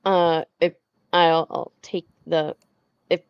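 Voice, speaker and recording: A woman's voice: lowish voice, little pitch movement, slow, muffled recording, noisy background. A woman playing a tabletop game, speaking hesitantly with stops and restarts. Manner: hesitant, stop-start. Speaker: player. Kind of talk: tabletop role-play chat.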